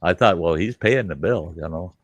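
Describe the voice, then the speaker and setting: A man's voice: sits low, normal speed, no room sound. A middle-aged man, hosting a livestream chat and telling a long story, acting out the voices and swearing freely. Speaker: livestream host.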